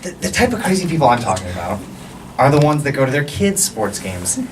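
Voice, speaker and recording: A young man telling a stand-up story on a club stage, animated and lively, mimicking the people in it. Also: medium pitch, fairly quick. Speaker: stand-up comedian. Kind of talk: stand-up comedy set. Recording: distant mic with background noise.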